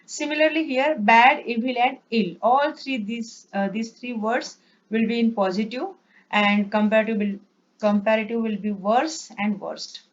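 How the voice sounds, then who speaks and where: A woman's voice: on the high side, steady tone, a little slow. A woman teaching an English grammar lesson, reading out word lists patiently and correcting herself as she goes. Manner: patient, repeats words, corrects herself with "sorry". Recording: dull lo-fi recording.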